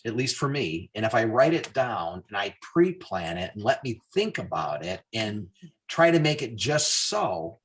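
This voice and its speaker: A man hosting a business call, telling stories in a casual, animated way. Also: lowish voice. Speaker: host.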